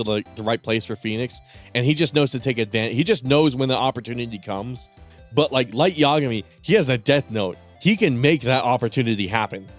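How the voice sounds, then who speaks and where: A man streaming a game, talking in a casual, crude way and laughing often. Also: medium pitch. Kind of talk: let's-play commentary.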